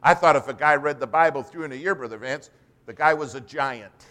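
A man preaching a sermon and telling a story, his voice swinging from hushed to loud. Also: fairly high pitch, a little fast. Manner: storytelling, animated.

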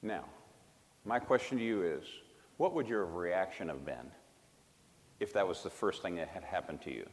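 Emphatic low-voiced preacher in a hall. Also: male voice, lively intonation, normal speed, long pauses. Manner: emphatic, swinging from loud to hushed. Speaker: preacher giving testimony. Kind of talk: sermon storytelling.

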